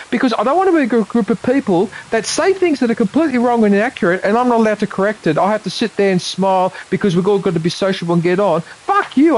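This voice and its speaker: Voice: mid-range voice, darkish tone, poor audio. Swearing, indignant Australian vlogger. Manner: indignant, swearing often, repeating points. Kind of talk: angry monologue to camera.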